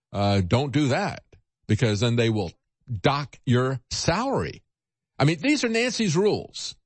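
A man's voice: medium pitch, no room sound. A man hosting a political talk radio show, emphatic and scornful, with frequent fillers.

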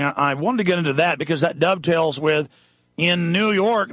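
A man hosting talk radio, ranting in an indignant, impassioned monologue. His voice sits a bit high, with a gravelly fry and a sharp, forceful edge. The sound is dry and a little dull, like a close studio mic. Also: dry recording. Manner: ranting, indignant, reads news items aloud. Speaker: radio talk show host.

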